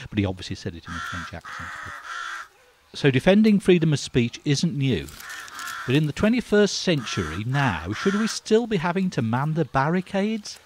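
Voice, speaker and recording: A man's voice: mid-range voice, big pitch swings, normal speed, darkish tone, a little hiss or hum. An older man, giving a wry, grumbling opinion monologue as a vlogger. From Britain.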